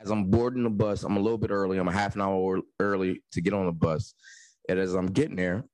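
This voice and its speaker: Low-voiced man telling a story. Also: fast, no room sound, poor audio. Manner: animated storyteller, laughs often, swears. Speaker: podcast co-host. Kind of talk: casual chat, storytelling.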